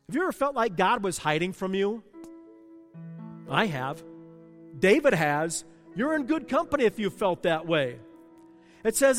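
A man with a high voice preaches a sermon, telling stories from his own life and asking the congregation questions. His words ring through a large hall with a long reverb. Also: animated, a little slow, soft background music. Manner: storytelling, asks the congregation questions. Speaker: pastor.

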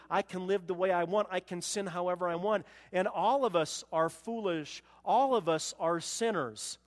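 High-voiced man preaching in a hall. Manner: storytelling, quoting scripture, voices rising for emphasis. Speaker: pastor. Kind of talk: sermon.

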